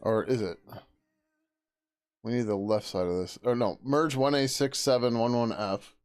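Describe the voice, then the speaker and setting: A man's voice: medium pitch, normal speed, darkish tone, clear, resonant tone. A man thinking aloud as he works through code on a live stream, muttering to himself, trailing off and swearing casually. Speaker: software developer streaming his work.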